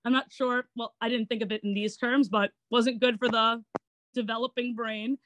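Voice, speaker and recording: A woman's voice: on the high side, moderate pace, dull audio, a little hiss or hum. A woman in her twenties with a Long Island accent, chatting as an interview guest and laughing as she tells her story. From Long Island, New York. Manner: chatty and giggly, animated retelling. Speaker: guest, actor and online entertainer. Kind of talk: casual interview chat.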